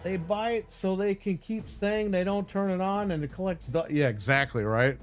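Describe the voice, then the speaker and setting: A man's voice: high-pitched, moderate pace, soft background music. A man ranting angrily and bluntly on a live stream, swearing heavily and mocking the people he argues with. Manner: angry, blunt and heavily profane, mocking voices he quotes. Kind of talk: profane rant on a live stream.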